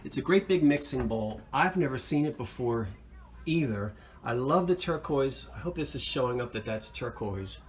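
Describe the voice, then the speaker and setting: A middle-pitched man chats his way through a thrift haul, excited about each piece he found. He rambles and backtracks, with lots of ums and uhs. A faint background hum sits under his voice. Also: normal speed. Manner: rambling, chatty, with frequent fillers and self-corrections; enthusiastic about his finds. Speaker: thrift reseller vlog host. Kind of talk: casual show-and-tell chat.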